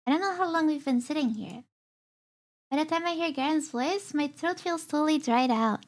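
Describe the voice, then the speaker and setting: A young woman streamer reading a visual novel aloud in a soft, hesitant way, with filler sounds between lines. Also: high-pitched, lively intonation, moderate pace. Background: faint game music.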